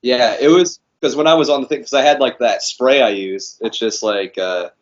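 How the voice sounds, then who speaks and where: A man with a mid-range voice speaks at a normal speed as a wrestling guest in a casual interview. He tells his stories in a laid-back, rambling way, packed with fillers and frequent laughter. The recording has a dull, lo-fi quality.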